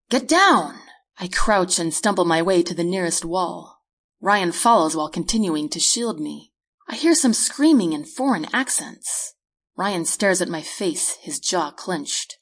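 A woman reading her own novel aloud as a measured first-person audiobook narration. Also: on the low side, slightly rough. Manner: measured storytelling read.

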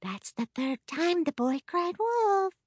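A woman voicing an odd, earnest female toy giraffe in an audiobook, speaking in a hushed, wondering way. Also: extremely high pitch, very animated, slow, no room sound, studio quality, voice pushed up, full character voice. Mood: curious. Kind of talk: audiobook character voice.

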